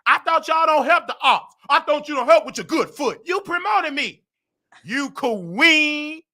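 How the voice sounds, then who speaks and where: Brash, high-voiced trash-talking man. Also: lively intonation. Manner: brash, rapid, trash-talking, shouts often. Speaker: host. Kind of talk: loud gossip commentary.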